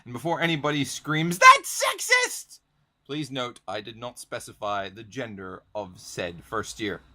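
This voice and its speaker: A man's voice: mid-range voice, normal speed, fairly bright tone. A young man ranting casually to camera, profane and sardonic, reading definitions aloud from old dictionaries. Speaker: vlogger.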